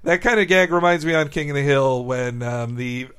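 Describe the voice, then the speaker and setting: A man's voice: medium pitch, fairly bright tone, clean tone. A man co-hosting a podcast, chatting casually and enthusiastically with frequent chuckles. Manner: enthusiastic, chuckling, quick asides. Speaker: podcast co-host. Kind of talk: casual chat.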